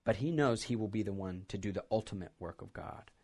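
A man's voice: fairly low pitch, brisk, a little mellow. A male pastor preaching a sermon, retelling a scripture passage as a story and reflecting on what it means.

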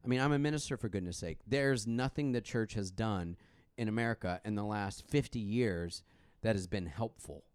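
A man's voice: lowish voice, normal speed, hardly any pauses, smooth, no room sound, clean studio sound. A man who is a minister chatting about politics in a blunt, earnest way. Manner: earnest, blunt, laughs easily. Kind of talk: casual political chat.

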